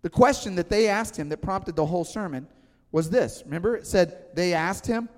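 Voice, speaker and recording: A man delivers a sermon in a big church hall, and his voice rings out with a long reverb. He talks in a loose, animated, conversational way and slips into quick voices for the people he quotes. His voice sits a little higher than most men's. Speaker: pastor.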